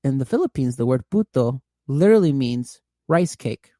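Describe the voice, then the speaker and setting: Rambling mellow-voiced man telling stories. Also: mid-range voice, animated, moderate pace, dry recording, studio quality. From California, USA. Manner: rambling storyteller, heavy use of "like", laughs often. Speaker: podcast guest. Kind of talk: casual chat.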